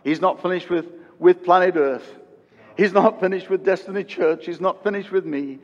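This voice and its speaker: A pastor in his fifties preaching a sermon, swinging from loud emphatic peaks to hushed quiet and repeating phrases for emphasis. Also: high voice, moderate pace, long reverb tail, lo-fi sound. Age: 50s. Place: church.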